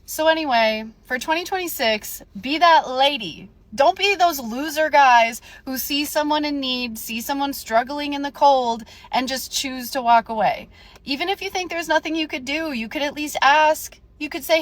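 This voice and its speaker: A young woman telling a story in a casual rant, animated and indignant, acting out the dialogue. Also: high-pitched, moderate pace. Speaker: storyteller vlogger.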